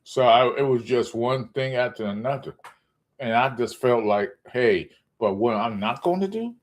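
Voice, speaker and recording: A man ranting in a casual sports vlog, profane and animated, jumping up into high exclamations. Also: normal speed. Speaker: sports vlogger.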